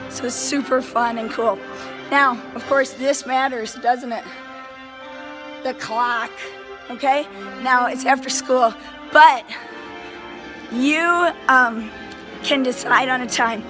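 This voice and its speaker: A woman band director explaining classroom routines to other teachers in an animated way, often checking in with "right?" She says she is a little sick. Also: on the high side, takes it slowly, long pauses, over music. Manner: animated, enthusiastic, keeps checking in with "right?" and "okay?". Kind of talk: casual how-to lesson to camera. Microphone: handheld phone.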